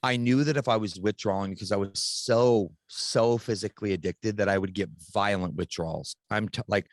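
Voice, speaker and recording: A man's voice: lowish voice, moderate pace, no echo. A man in his thirties, a podcast guest, telling a personal story in a casual, frank way and swearing freely.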